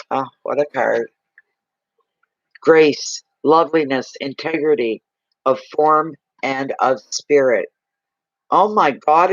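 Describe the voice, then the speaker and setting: A man's voice: on the high side, no echo, highs cut off. Gushing, emotional male tarot reader. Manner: gushing, emotional, slow and soothing. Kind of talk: live card reading for a viewer.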